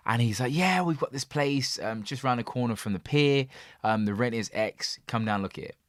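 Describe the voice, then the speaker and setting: A man co-hosting a podcast, telling stories in a lively casual way and laughing often. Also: mid-range voice, moderate pace, no room sound, studio quality. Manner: animated storyteller, laughs often. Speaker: podcast co-host. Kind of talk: casual chat.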